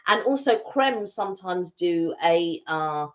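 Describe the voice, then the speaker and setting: A woman's voice: lowish voice, lively intonation, slow pace, lo-fi sound. A woman co-hosting a casual live stream from home, chatting in a loose, rambling way. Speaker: livestream co-host.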